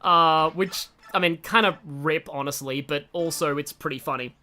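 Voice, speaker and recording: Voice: medium pitch, normal speed, bright, forceful tone. A young adult streamer giving casual, rambling gameplay commentary, often breaking off mid-sentence. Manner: rambling, chatty, self-interrupting. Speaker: gaming streamer.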